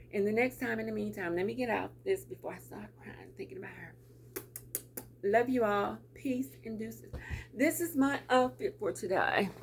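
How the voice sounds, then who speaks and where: A woman's voice: fairly low pitch, vocal fry, a little hiss or hum. A middle-aged woman talking casually to camera in a lunchtime vlog, chatty, repeating her words and laughing often. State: teary. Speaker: vlogger.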